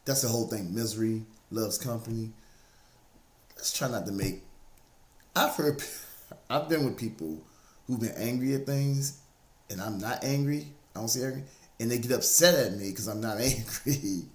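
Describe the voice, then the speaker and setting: His mid-range voice moves at normal speed and pauses often as he gives a relaxed, faith-based motivational talk. He keeps repeating key phrases to make them stick, and the recording has an echoey room sound.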